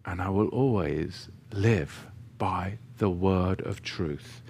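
A man's voice: low voice, takes it slowly, darkish tone, breathy edge. Man giving an informal Bible teaching. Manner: conversational with joking asides, emphatic when reading scripture.

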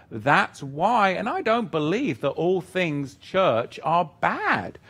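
A man's voice: on the high side, a bit bright. A man teaching scripture on a live stream, reading out viewer questions and thinking aloud as he answers, rambling with restarts and getting emphatic on scripture.

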